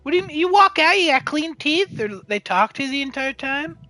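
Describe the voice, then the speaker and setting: A man's voice: extremely high pitch, big pitch swings, a little fast, pushed and bright, faint music behind. A young man hosting a podcast, chatting casually and telling rambling, profane, jokey stories. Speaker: podcast host. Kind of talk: casual chat.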